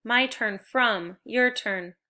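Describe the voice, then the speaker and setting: A woman with a bright, crisp voice teaches spelling to young children. She is upbeat and encouraging and walks the class through each step clearly. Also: on the high side, slow.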